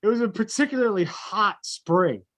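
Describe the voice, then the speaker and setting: A man's voice: sits high, normal speed. Profane man telling a story. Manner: profane, animated storyteller acting out quotes. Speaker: podcast co-host. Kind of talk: casual storytelling chat.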